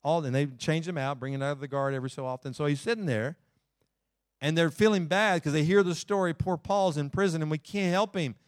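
Higher-voiced preacher, folksy and dry-sounding. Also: male voice, steady tone, a little fast, dry recording. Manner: folksy preaching, building up loud then dropping low for scripture. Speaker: pastor. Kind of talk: sermon. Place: church.

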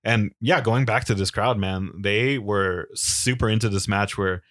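A man with a low voice talks easily on a casual podcast, wandering through stories and match recaps with plenty of fillers and quick laughs. The sound is close and dry, with no room around it. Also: fairly bright tone, dry recording. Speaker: podcast co-host. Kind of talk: casual chat and wrestling recap.

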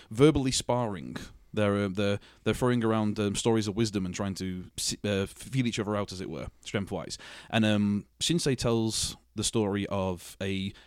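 A man with a fairly low voice co-hosts a podcast, recorded with clean studio sound and no room sound. Chatting casually, he tells a rambling story laced with self-deprecating jokes.

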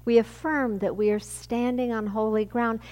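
A woman pastor giving a sermon with a measured, reflective delivery. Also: on the high side, steady tone, darkish tone, long reverb tail.

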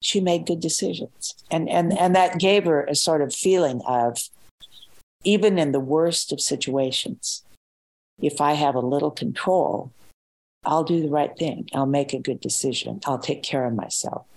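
A woman's voice: low-pitched, a little slow, darkish tone, rough recording. An older woman, an author being interviewed, talking in a thoughtful, reflective way and repeating words as she gathers her thoughts. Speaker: author and guest.

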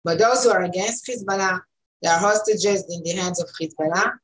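A woman's voice: fairly low pitch, fairly quick. Emphatic Israeli woman analyst. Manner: emphatic, repeats words, frequent fillers. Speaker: interview guest, analyst. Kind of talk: conversational political analysis. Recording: echoey room.

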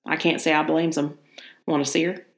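A woman storyteller puts on a crafty old farmer who breeds spiders, low for her and mocking in his drawl. The room around her is echoey, so the lines ring a little. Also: flat delivery, normal speed. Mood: boastful. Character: sly menacing old male spider breeder.

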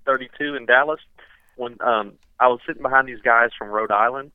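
A man with a Southern accent, guesting on a podcast and telling rambling, animated stories with lots of restarts. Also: medium pitch, fairly quick, clean tone, no room sound, narrow, tinny audio. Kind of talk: casual chat.

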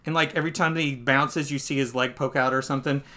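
A man hosting a podcast, recapping a comic in casual chat. He talks in a loose, chatty way, laughs easily and jumps into squeaky voices when he acts out scenes. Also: quick pace. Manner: animated, jumps into high squeaky voices when acting out lines. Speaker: podcast host.

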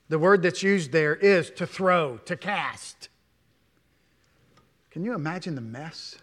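In a church with a long hall reverb, a male pastor preaches in a voice a little high for a man, with big, slow pitch swings. He hits key words emphatically, then drops to hushed near-whispers, firing off many rhetorical questions at his listeners.

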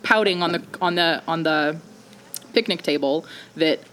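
A woman tells a comic story in an animated, self-mocking way, breaking into laughs between lines. Her voice sits on the low side for a woman. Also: unhurried, slight background noise.

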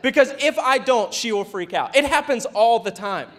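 Pastor, male, very high voice; chatty sermon delivery, acts out quotes, builds to shouts. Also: lively intonation, normal speed. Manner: conversational preaching with playful asides and acted-out quotes.

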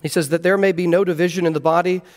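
Man, pastor, expository sermon, earnest, high voice, long hall reverb. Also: steady tone, very fast. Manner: earnest, explaining scripture verse by verse.

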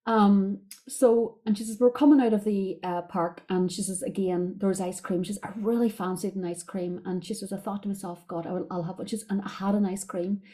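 A woman's voice: mid-range voice, steady tone, brisk, hardly any pauses, dark tone. A middle-aged Irish woman, a diet coach hosting a podcast, chatting casually as she retells conversations with her clients. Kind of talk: casual storytelling monologue.

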